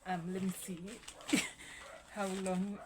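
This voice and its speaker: A woman's voice: mid-range voice, flat delivery, slow pace, very noisy. A young woman hosting a casual vlog, rambling and swearing lightly as she reads her old writing aloud. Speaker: YouTube host.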